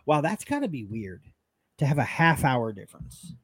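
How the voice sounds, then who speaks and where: A friendly, chatty man co-hosting a live fan podcast, his voice in a middle pitch. He talks easily and praises the fans warmly. The recording is dry and close. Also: very animated, normal speed, husky, dry recording. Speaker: podcast co-host. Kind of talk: casual live-stream chat.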